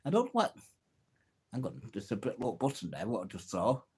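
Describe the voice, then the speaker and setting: A man's voice: mid-range voice, wildly swooping pitch, fairly quick, darkish tone, husky. A man hosting a casual live stream, telling old jokes, reading out viewer comments and laughing at his own punchlines. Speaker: livestream host.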